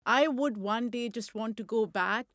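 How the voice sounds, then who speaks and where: A woman's voice: fairly high pitch, measured pace, a bit bright, no echo, studio quality. A middle-aged woman from Pakistan with a Pakistani accent, hosting a podcast interview in a conversational way. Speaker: podcast host.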